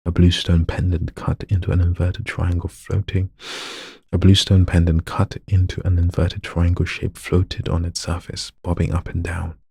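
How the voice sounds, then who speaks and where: A man's voice: sits low, monotone, normal speed, vocal fry, warm tone, breathy edge, no echo, studio quality. A man reading a story aloud, stumbling over lines, retaking them and joking with himself. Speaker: story narrator.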